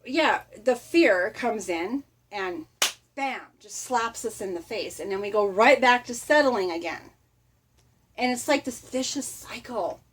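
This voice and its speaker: A middle-aged woman giving a casual motivational talk, chatty and animated, often laughing and acting out little quotes. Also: fairly high pitch, a little slow, a little hiss or hum. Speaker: motivational vlogger.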